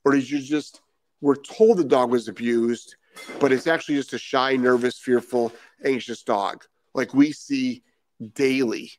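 A man's voice: medium pitch, steady tone, unhurried, a little hiss or hum. A man from Rhode Island, a dog trainer hosting a live stream and reading out viewer comments, talking emphatically, repeating key phrases and asking rhetorical questions.

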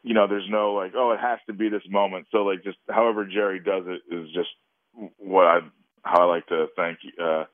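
A man, an actor guest, chatting in a halting, rambling way and laughing easily. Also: low voice, steady tone, no echo. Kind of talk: casual interview over phone. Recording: tinny phone line.

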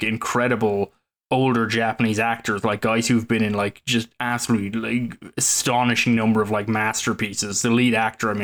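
A man's voice: fairly low pitch, a bit bright. A man co-hosting a film podcast, talking in a thoughtful, rambling way with many fillers. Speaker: podcast co-host. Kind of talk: casual film discussion.

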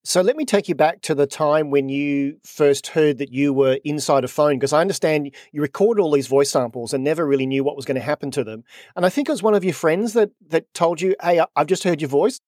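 A man hosting an interview, asking measured, steady questions. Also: a little high, no room sound, clean studio sound. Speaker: host.

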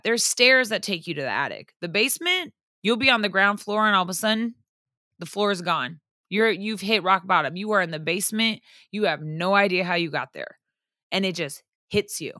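A woman's voice: mid-range voice, expressive, normal speed, sharp tone, dry recording, clean studio sound. A woman in her thirties talking candidly in a casual podcast chat, swearing freely and laughing often. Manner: frank, profane, laughs often.

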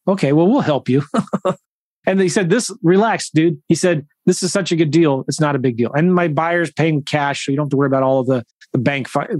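A man tells a story in a casual, animated way, stumbling and restarting as he acts out the people in it. His voice sits a bit higher than most men's. The sound is dry and close, with no room echo. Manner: animated, nervous-sounding retelling with restarts and quoted dialogue. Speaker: real estate investor.

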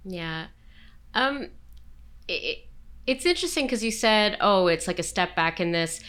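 A woman's voice: mid-range voice, expressive, measured pace, a bit bright. A woman hosting an interview podcast, asking questions in a chatty, curious way. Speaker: podcast host.

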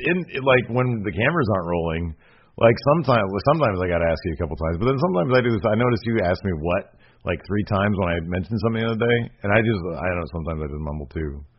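A man co-hosting a podcast in casual chat, rambling and animated, with many fillers and restarts. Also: low-pitched, racing, slightly rough. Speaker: podcast co-host. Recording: slightly muffled lo-fi audio.

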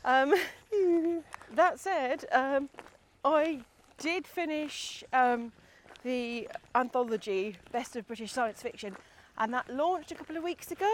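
A woman's voice: high voice, lively intonation, slow pace, a little hiss or hum. A woman podcast co-host chatting casually and self-mockingly while walking in the countryside. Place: outdoors, countryside walk.

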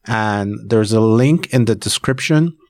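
A Nigerian podcast host makes a casual solo announcement, chatty and rambling with frequent fillers. His voice sits on the low side with a darkish tone and a measured pace, recorded cleanly in a studio with no echo.

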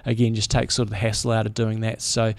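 Brief: podcast co-host, man in his forties, gravelly and dry-sounding, easygoing chat. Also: lowish voice, monotone, fast talker, dry recording. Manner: easygoing, reads listener stories aloud. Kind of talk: casual chat.

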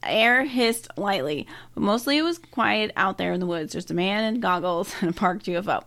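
A woman's voice: mid-range voice, expressive, normal speed, a bit bright. A woman reading a story aloud to a co-host in casual chat, breaking off with laughing asides and quips. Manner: laughs often, reacts with quips and joking asides. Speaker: podcast co-host.

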